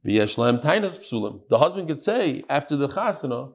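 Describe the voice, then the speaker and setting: A man's voice: on the high side, sing-song, fast talker, few pauses. A man teaching a Talmud class, reading the text in a sing-song lilt and questioning his students.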